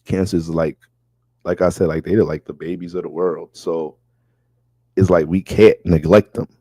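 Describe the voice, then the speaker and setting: A man giving a casual astrology reading, talking in a loose, profane and animated way. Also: low-pitched, a little slow, slightly rough, no echo.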